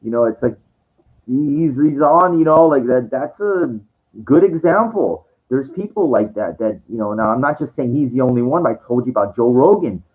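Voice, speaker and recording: A man's voice: mid-range voice, animated, moderate pace. Rambling, profane man on a dull recording. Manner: rambling, profane, many restarts and fillers. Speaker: vlogger. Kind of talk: rambling monologue.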